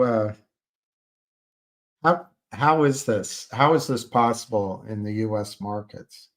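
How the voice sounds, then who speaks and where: Hosting a stock-market livestream, this man reads viewer comments in a fairly low voice at a slow pace, pausing often. His talk wanders and stalls, full of fillers and restarts, but he gets forceful and outraged about short sellers.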